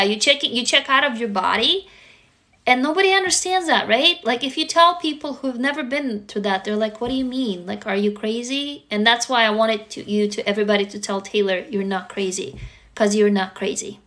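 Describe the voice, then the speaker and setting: A woman's voice: on the high side, a bit bright. Earnest woman on a phone livestream. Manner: earnest and reassuring, many fillers. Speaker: livestream host answering viewers. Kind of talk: casual live-stream talk.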